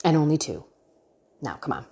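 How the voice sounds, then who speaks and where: A woman's voice: sits low, very animated, moderate pace, mellow, slightly rough. A woman hosting a faith podcast, talking in an earnest, chatty way and laughing often. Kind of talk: casual faith podcast talk.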